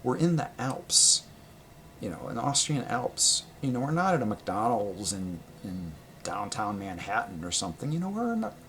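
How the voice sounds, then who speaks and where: A man casually telling a personal travel story, rambling and correcting himself, laughing often and getting animated when he quotes people. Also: lowish voice, normal speed, a little hiss or hum. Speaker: vlogger.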